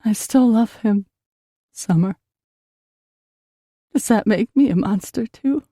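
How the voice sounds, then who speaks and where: A woman narrator voicing a frightened middle-aged mother who talks in a low, tense hiss. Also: slow, mellow, dry recording, studio quality. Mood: sorrowful.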